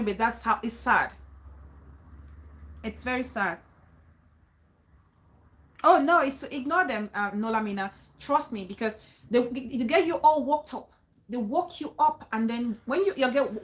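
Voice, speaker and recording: A woman talking to her viewers, emphatic and repetitive, often restarting phrases and urging them to trust her. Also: on the high side. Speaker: vlogger giving advice. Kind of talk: casual talk to viewers.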